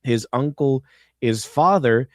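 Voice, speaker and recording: A man's voice: medium pitch, slow, dry recording, studio quality. A man hosting a casual live stream, rambling, laughing often and reading viewer messages aloud. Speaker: show host.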